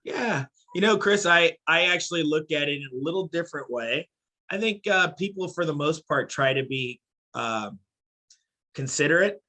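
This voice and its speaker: A middle-aged man from Haiti and New York, speaking as a podcast guest in a thoughtful, measured way. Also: a little high, lively intonation, bright, forceful tone. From born in Haiti, raised in New York. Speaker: podcast guest, company CEO. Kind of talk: casual podcast interview.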